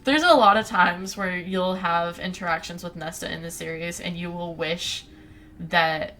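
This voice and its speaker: Recapping a book on the podcast she co-hosts, this young woman chats casually and slips into small quoted voices as she retells the story. She speaks at a measured pace in a fairly low, sharp voice, with slight background noise.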